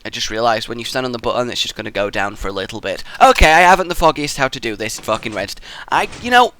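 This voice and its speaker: A man's voice: mid-range voice, expressive, fast, pushed and bright, clean tone. A young man casually rambling and swearing through commentary while building in a game, mocking himself as he goes. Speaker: gaming channel host. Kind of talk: casual let's play commentary.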